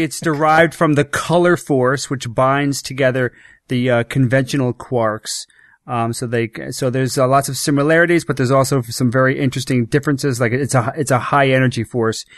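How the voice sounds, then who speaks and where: A man's voice: mid-range voice, no room sound, studio quality. A man on a talk show eagerly explaining a physics story, with many fillers and restarts. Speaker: show regular. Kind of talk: casual chat.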